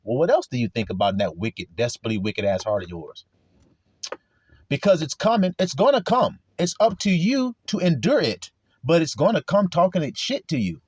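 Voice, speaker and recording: A man's voice: mid-range voice, big pitch swings, a little fast, breathy edge, dry recording, studio quality. A man preaching an informal sermon, confrontational and full of rhetorical questions, with coarse language.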